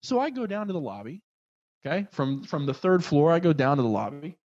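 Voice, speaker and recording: A man telling a story in casual chat, acting out the people in it with lively swings of voice. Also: on the high side, brisk, lo-fi sound. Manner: animated, acts out the people in his story.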